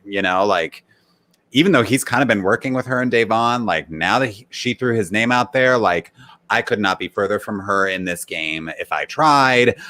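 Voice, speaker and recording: A man co-hosting a casual chat show, speaking loosely with many fillers and acting out quotes. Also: fairly low pitch. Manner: relaxed, lots of "like", acts out quotes. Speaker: podcast co-host.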